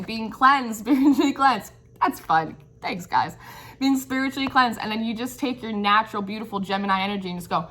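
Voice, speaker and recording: A woman's voice: mid-range voice, bright, forceful tone. A woman giving an intuitive tarot reading. She muses and searches for words, often checks in with "right?", and speaks in an encouraging, affirming way. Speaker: tarot reader.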